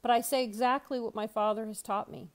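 A woman pastor reads scripture aloud in a slightly high voice. She reads expressively and breaks off now and then for lively asides of her own. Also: fairly quick. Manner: expressive, laughs while reading, adds lively asides. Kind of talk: Bible reading with brief comments.

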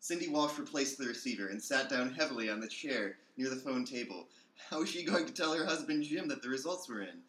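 A man's voice: mid-range voice, lively intonation, brisk, fairly bright tone. A man reading a fan story aloud on a podcast, often breaking into laughter. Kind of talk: amused dramatic reading. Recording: roomy echo, faint noise.

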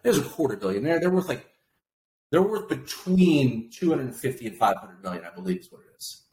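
Medium in pitch yet swinging widely, his slightly mellow voice moves briskly. He co-hosts a podcast of casual, animated political talk, laughing and mimicking others in an echoey room with faint noise.

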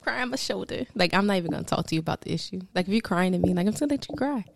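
A woman's voice: on the low side, lively intonation, very fast, vocal fry. A woman chatting candidly on a podcast, rambling and swearing casually.

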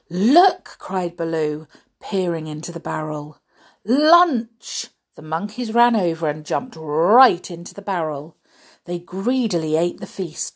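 A middle-aged woman reads a children's storybook aloud, gentle and chatty. Her voice is low and breathy, and she takes the story very slowly. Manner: gentle, chatty, with soft laughs.

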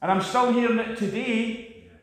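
Impassioned high-voiced male preacher. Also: fairly even intonation, normal speed. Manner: impassioned preaching, swings between loud emphatic peaks and hushed asides. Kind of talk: sermon.

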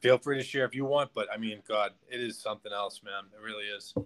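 A man's voice: fairly low pitch, quick pace, a bit bright, slight background noise. A man, a podcast guest, telling a personal story in casual conversation, rambling with many restarts and "like"s.

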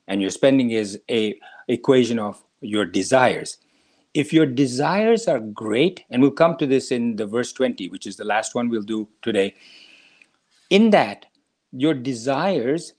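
A man lectures on scripture in a mid-range voice. He explains patiently, weaving in stories and addressing the listener directly. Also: medium pitch. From India. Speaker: spiritual teacher.

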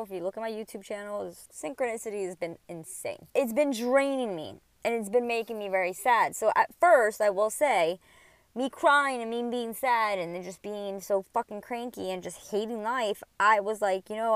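A woman's voice: medium pitch, a bit bright, smooth, dry recording. A woman in her thirties hosting a casual spiritual podcast, talking candidly and rambling, swearing freely, recorded at home. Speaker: podcast host. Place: at home by a window.

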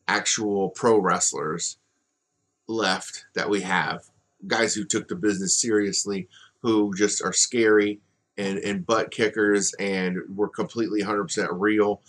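A man with a fairly low voice hosts a solo podcast. He talks in a relaxed, wandering way, full of fillers and side comments. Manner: conversational, rambling with fillers and asides. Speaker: podcast host.

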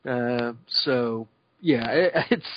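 Here a male podcast co-host talks extremely slowly in a mid-range voice, laughing and rambling with frequent "like"s in easygoing chat. The dry, slightly dull recording carries a bit of background noise.

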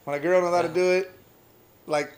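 A man's voice: sits high, fairly even intonation, a little fast. A man co-hosting a crude podcast chat, laughing and teasing his friends. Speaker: podcast co-host. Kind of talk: crude casual banter.

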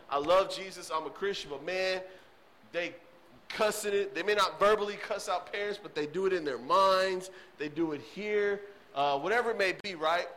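A man's voice: high voice, a bit bright. A man, preaching a casual sermon as a youth pastor and often checking in with "okay?". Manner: casual, chatty, frequent "okay?" check-ins. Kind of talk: sermon to teens.

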